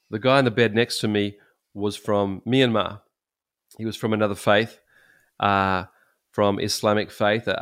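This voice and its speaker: A middle-aged man, a pastor, telling stories in casual chat, animated and laughing often. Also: on the low side.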